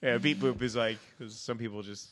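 A man's voice: mid-range voice, steady tone, brisk, slight background noise. A man in a casual chat with friends, making wry, sarcastic asides.

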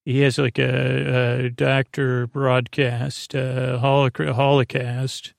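Flat, gravelly man recapping a show at bedtime. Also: mid-range voice, no echo, clean studio sound. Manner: halting, with many fillers and self-corrections. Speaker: podcast host. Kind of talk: rambling bedtime recap of a TV episode.

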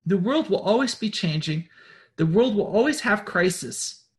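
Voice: medium pitch, animated, moderate pace. A spiritual group leader giving an informal motivational talk, blunt and profane, repeating words, rambling and insistent as they urge listeners on.

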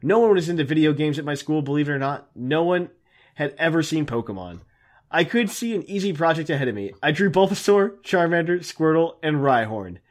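Casual podcast co-host, male, fairly high voice, laughs easily, stumbles through emails. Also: expressive. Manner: laughs often, halting reading with fillers. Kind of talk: casual chat.

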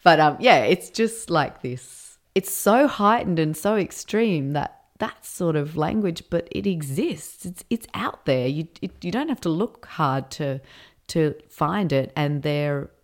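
A woman with a notably low voice speaks in a relaxed interview. She muses aloud, restarts her sentences and trails through fillers as she explains her performance work. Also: unhurried. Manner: thoughtful, rambling, with frequent restarts and fillers. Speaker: performer and show creator being interviewed. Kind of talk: casual interview talk.

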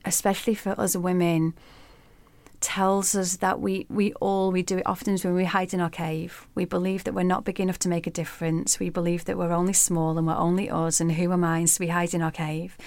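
Low-voiced woman telling a myth. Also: fairly quick, no room sound. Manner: vivid, expressive storyteller. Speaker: podcast guest. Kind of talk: storytelling in an interview.

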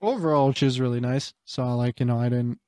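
A man's voice: mid-range voice, a little fast, darkish tone, no echo, studio quality. A young man casually telling work stories, rambling, full of fillers and swearing. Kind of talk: casual chat.

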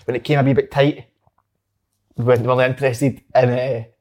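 Scottish host, mid pitch, emphatic and blunt. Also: male voice, little pitch movement, fairly quick, darkish tone. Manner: emphatic, swears freely. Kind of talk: casual football chat.

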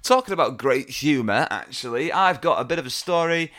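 A man's voice: mid-range voice, expressive, a little fast, fairly bright tone. A man hosting a fan podcast, chatting in a jokey, rambling way. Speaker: podcast host. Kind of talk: casual podcast chat.

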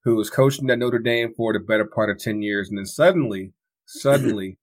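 A man's voice: on the low side, a little fast. Laughing stammering male podcast host. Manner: laughing, riffing, stammering restarts. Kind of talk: casual sports chat.

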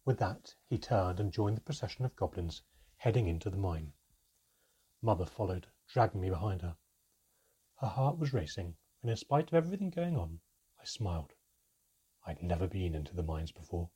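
A man reading a fantasy storybook aloud in first person, with a steady, measured delivery. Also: low-pitched, husky. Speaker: audiobook narrator.

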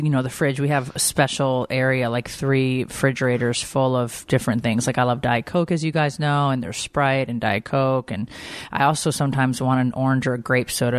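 A woman co-hosting a casual chat, telling stories with lively quoted voices. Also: very deep voice, dry recording. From Georgia, US. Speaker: podcast co-host.

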